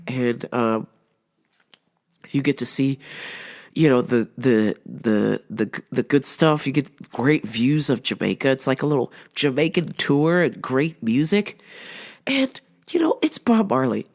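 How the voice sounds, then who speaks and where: Animated woman vlogger, laughs often. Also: extremely low pitch, measured pace. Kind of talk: casual storytelling monologue.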